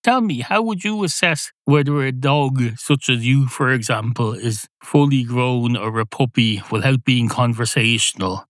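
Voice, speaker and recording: A man's voice: medium pitch, a little slow, few pauses, fairly bright tone, no echo, voice pushed up, natural voice. An Irish man doing a snarky, mock-polite AI program. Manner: sarcastic, mock-polite, turns rude. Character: snarky passive-aggressive AI vet assistant program.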